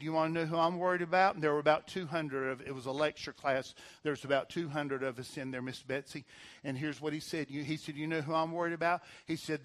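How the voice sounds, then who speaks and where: High-voiced older preacher, earnest sermon. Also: male voice. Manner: earnest preaching with repeated restarts and dramatic slow emphasis. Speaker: pastor.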